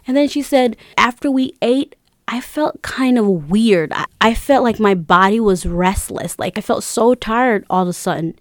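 A woman's voice: mid-range voice, dry recording. Woman, casual storyteller, chatty with fillers, dry close sound. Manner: chatty, retells with quoted voices and many fillers.

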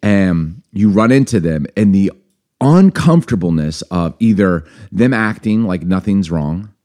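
Deep-voiced man telling a story. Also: a little slow. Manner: storytelling, animated, acts out quoted dialogue. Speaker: podcast host. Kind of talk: casual conversational podcast.

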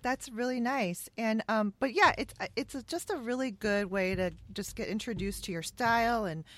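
A woman's voice: a little high, normal speed, fairly bright tone. A woman hosting a casual interview, enthusiastic and chatty, often saying "um" and "yeah".

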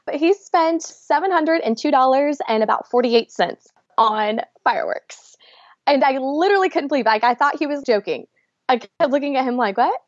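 A woman, a podcast guest, telling a story with lively acted-out quotes and frequent laughs. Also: fairly high pitch, brisk, dry recording. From Georgia, US. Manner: animated, laughs often, acts out quotes. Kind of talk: storytelling in a casual interview. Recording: dry, dull lo-fi sound.

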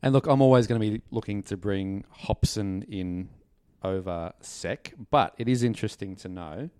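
Smooth low-voiced man from New Zealand. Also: darkish tone, dry recording. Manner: measured, quotes stats. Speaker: podcast co-host. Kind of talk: casual fantasy sports analysis.

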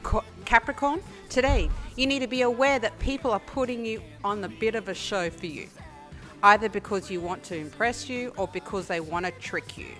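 Australian woman, halting read, casual video-call chat, faint music behind. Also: medium pitch, a bit bright.

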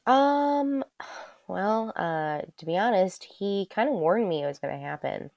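A woman's voice: mid-range voice, animated, unhurried, vocal fry, a little mellow, dry recording, muffled recording. A woman telling a personal story in casual conversation, candid and loose, swearing freely with lots of ums. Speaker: guest.

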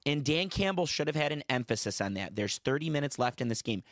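A man's voice: medium pitch, animated, fairly quick, fairly bright tone, dry recording. A man co-hosting a casual sports podcast, arguing his case and breaking down plays point by point. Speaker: podcast co-host.

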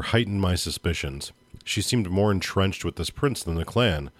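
A man who hosts a podcast and reads a dark first-person story aloud with steady expression. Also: low voice, moderate pace, no echo. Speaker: podcast host. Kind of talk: dramatic story reading.

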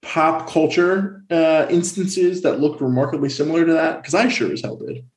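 A man co-hosting a casual film discussion, talking with animated energy and dropping into silly voices. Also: fairly high pitch, normal speed. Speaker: podcast co-host.

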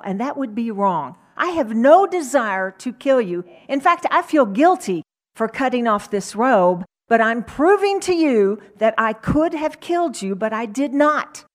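David, a woman doing a raised, pleading young hero. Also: fairly high pitch. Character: young male hero warrior, earnest and respectful.

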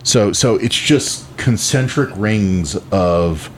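A man co-hosting a casual chat show, talking in halting bursts with many restarts. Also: on the low side, animated. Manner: halting, restarts often, drawn-out. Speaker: podcast co-host. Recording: faint background noise.

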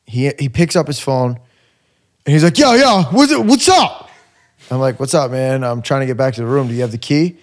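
Animated storytelling man on a podcast. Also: medium pitch, a little fast. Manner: loud animated storytelling, acts out quotes. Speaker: podcast co-host. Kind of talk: casual chat.

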